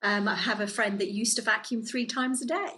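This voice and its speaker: A woman's voice: fairly high pitch, brisk, pushed and bright, poor audio. A woman co-hosting a podcast, talking in a casual, earnest way and giving advice, with many fillers and restarts. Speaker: podcast co-host. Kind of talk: casual conversational chat. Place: living in Italy.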